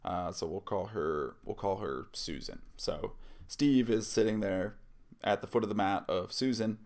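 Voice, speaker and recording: A man's voice: fairly low pitch, measured pace, a little mellow. A man vlogging and casually telling a first-person story, rambling with lots of fillers and asides.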